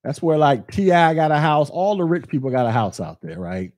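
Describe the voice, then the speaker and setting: A man's voice: fairly high pitch, lively intonation, fairly quick, a little mellow, no room sound, clean studio sound. A man hosting a solo podcast, delivering a sarcastic, ranting opinion commentary straight to his listeners. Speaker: podcast host.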